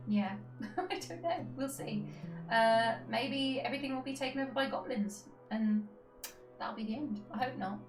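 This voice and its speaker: Brief: woman, game streamer, casual rambling chat, mid pitch, echoey room. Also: a little mellow, recorded from a distance. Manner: rambling, many fillers and restarts. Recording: echoey room, faint background noise.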